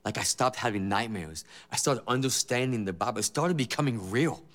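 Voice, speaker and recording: A man's voice: medium pitch, expressive, a little fast, fairly bright tone. A man giving a personal faith testimony as a former gang member, emotional and earnest, with many repeated phrases. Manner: emotional, repetitive, earnest storytelling.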